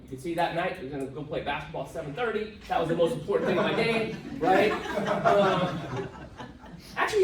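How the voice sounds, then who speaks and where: A man's voice: high-pitched, slight background noise. A man giving a live motivational talk to an audience in a conference room, telling stories in a joking, self-deprecating way. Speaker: motivational speaker. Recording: echoey room, voice from far off.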